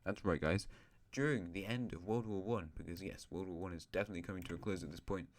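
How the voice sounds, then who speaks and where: A man's voice: sits low, fast. A male host casually narrating an alternate-history map, rambling with asides and correcting himself.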